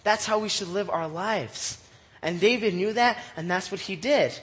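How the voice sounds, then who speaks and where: A man teaching scripture in a relaxed, chatty way, reading verses and retelling them in everyday slang with frequent laughter. His voice sits notably high for a man. A long hall echo hangs behind every phrase. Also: normal speed. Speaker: Bible study teacher. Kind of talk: casual Bible teaching.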